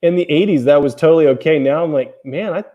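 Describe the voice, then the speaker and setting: A man's voice: a little high, fast talker, phone-quality sound. A man hosting a casual livestream chat, rambling and joking, talking from outdoors near a golf course. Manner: rambling, easily distracted, joking. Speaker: host and author.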